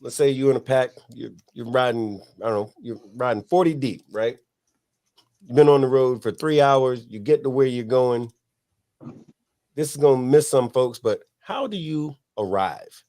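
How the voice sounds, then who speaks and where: A man's voice: medium pitch, fairly even intonation, moderate pace, mellow. Biker guy on a podcast, loose and profane, just telling stories. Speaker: podcast host, motorcycle club member. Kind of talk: casual podcast chat.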